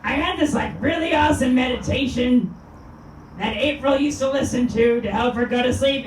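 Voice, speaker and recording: A woman's voice: sits high, normal speed, background noise. A woman comedian doing a stand-up set in a small venue, with a chatty, rambling delivery full of fillers. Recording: roomy sound from a distant mic.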